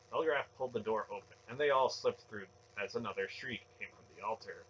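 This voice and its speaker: A man reading a fantasy novel aloud with steady, dramatic narration. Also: fairly low pitch, brisk, hardly any pauses, muffled recording, slight background noise. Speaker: audiobook reader.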